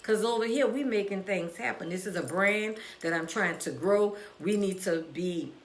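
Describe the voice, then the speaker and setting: A woman's voice: medium pitch, fairly bright tone, roomy sound. A woman hosting a live stream from her cafe, giving encouraging, preachy talk to viewers she calls y'all. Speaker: livestream host and author. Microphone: phone or camera live stream.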